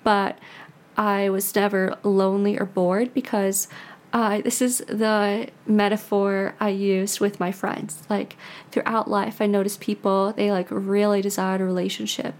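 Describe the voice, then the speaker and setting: A woman's voice: mid-range voice, flat delivery, unhurried, a little mellow. An American woman in her twenties, a podcast host, talking in a rambling, confessional way with many "like"s and restarts. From United States. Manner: chatty, rambling, heavy use of "like", frequent restarts. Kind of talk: casual confessional monologue.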